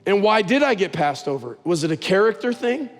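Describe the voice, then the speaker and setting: High-voiced pastor preaching in a hall. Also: male voice, a little fast, faint music behind. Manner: conversational, animated storytelling. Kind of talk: sermon.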